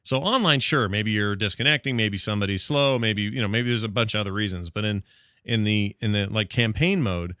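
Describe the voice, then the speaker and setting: A man hosting a casual gaming news podcast, talking quickly with sarcastic asides. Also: fairly low pitch, bright, forceful tone, dry recording, clean studio sound. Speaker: podcast host.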